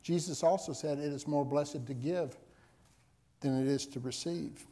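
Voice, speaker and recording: A man's voice: a little high, unhurried, warm tone. Emphatic pastor, man with a lifted voice. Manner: emphatic, repeats key phrases for effect. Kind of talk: sermon with scripture reading. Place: church service before a congregation.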